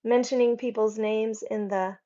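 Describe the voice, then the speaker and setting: A woman's voice: a little high, steady tone, unhurried, dark tone, muffled recording. A woman hosting a casual livestream, chatting and reading viewer comments in a rambling, friendly way. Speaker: livestream host. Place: home.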